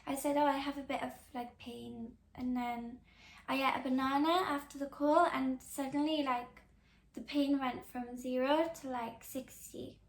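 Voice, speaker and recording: Young woman, podcast host, high-pitched, gravelly edge, rambling casual chat, roomy echo. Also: steady tone, moderate pace. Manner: chatty, rambling, many "like" fillers and restarts.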